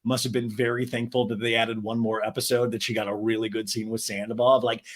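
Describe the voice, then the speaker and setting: A man hosting a podcast, recapping a reality show in an animated, gossipy and profane way. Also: medium pitch, fast talker, few pauses. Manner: animated, gossipy, swears and laughs often. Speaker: podcast host.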